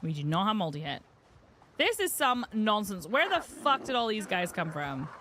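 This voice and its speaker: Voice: mid-range voice, very animated, normal speed, sharp tone, slight background noise. A streamer from the UK giving wry, muttering running commentary while playing a game. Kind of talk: casual gameplay commentary.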